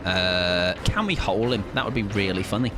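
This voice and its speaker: A man's voice: on the low side, normal speed, music in the background. A man chatting casually on a live game stream, joking and rambling with plenty of self-mockery. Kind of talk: live gaming stream chat.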